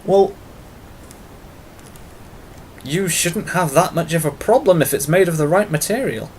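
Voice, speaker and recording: A man's voice: on the high side, a little slow, darkish tone, a little hiss or hum. A British man talking casually to camera in a tag video, long-winded and full of fillers, with self-mocking asides. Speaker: vlogger.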